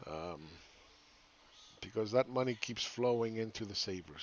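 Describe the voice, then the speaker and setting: Man, market analyst, live chart commentary, casual, rambling, low voice, dull lo-fi audio. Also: animated, a little slow, a little hiss or hum. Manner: casual, rambling, keeps asking "right?".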